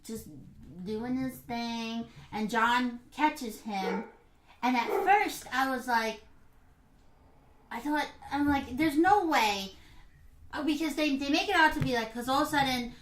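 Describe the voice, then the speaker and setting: A woman with a fairly high voice talks through a movie scene by scene in casual chat. She slips into the characters' voices as she retells what they said. The room around her is echoey. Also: a little slow, slight background noise. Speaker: podcast co-host.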